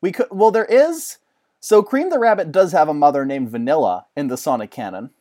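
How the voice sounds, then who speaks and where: A man in casual chat, excitable and rambling, often laughing. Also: a little high, brisk.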